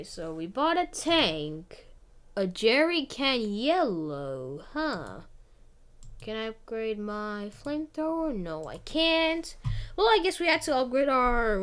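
A woman casually commenting on her gameplay as she plays, chatty and excitable, breaking into gasps and exclamations. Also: fairly high pitch, takes it slowly. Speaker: gamer.

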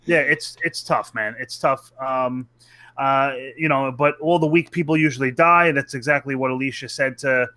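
A man's voice: mid-range voice, normal speed, sharp tone, no room sound. A man co-hosting a casual podcast, rambling and swearing with lots of fillers. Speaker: podcast co-host.

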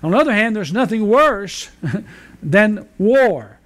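A man's voice: high voice, expressive, slow. A man in his fifties, a pastor, preaching a sermon in a folksy joking manner with frequent fillers. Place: church sanctuary.

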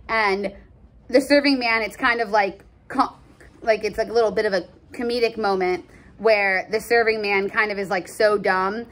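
A woman casually explaining a play in a chatty, slangy, animated way. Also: medium pitch, normal speed. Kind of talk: casual lesson with read-aloud scenes.

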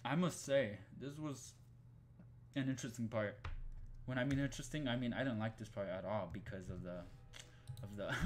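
A young man hosting his channel, giving jokey, profane commentary while playing a horror game, muttering one moment and yelling in panic the next. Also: mid-range voice, brisk, a little hiss or hum. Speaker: gaming channel host.

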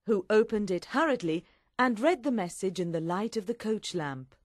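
A woman reading a story aloud in a clear, steady audiobook narration. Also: medium pitch, normal speed, no echo, clean studio sound.

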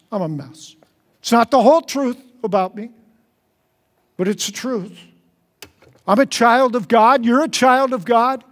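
A male pastor preaching a sermon in an earnest way, repeating key phrases for emphasis and leading the congregation. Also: high voice. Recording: church service recording.

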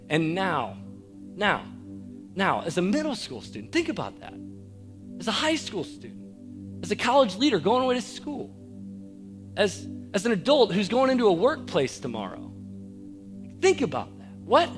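A man's voice: high-pitched, very animated, a little slow, long pauses, a bit bright, faint music behind. A young man preaching a youth sermon with energy and rallying repetition, ending in a prayer. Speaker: youth pastor. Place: church youth event hall.

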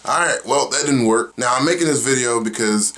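A man's voice: mid-range voice, brisk. A young man from Oklahoma hosting his own vlog, ranting casually with lots of swearing and rambling asides. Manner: profane, animated, rambling. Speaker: vlog host. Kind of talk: casual opinion rant.

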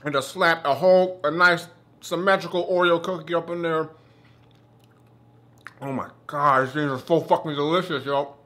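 A man with a slightly high voice reviews candy in a loose, excitable way. He swears freely and stops to chew mid-sentence. He sounds worked up over the food. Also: normal speed, pauses often. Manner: profane, excitable, talks while eating.

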